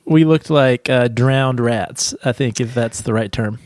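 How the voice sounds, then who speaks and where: A man's voice: medium pitch, measured pace, no echo. Stuffy-nosed male co-host, loose and joking, dry close mic. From United States. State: stuffy nose. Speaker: podcast co-host. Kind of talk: casual chat.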